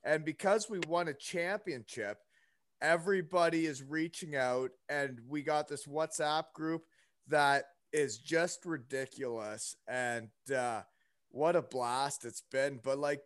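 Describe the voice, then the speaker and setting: A man's voice: on the high side, slow pace, clear, resonant tone, no echo, studio quality. A young man telling a story in casual chat, rambling with lots of fillers and asides. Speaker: podcast guest.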